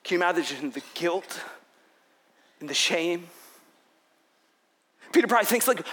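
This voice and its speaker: A man preaching a sermon, retelling a scripture story and acting out its dialogue, sometimes dropping to a hushed whisper. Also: sits high, animated, measured pace, long pauses. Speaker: pastor.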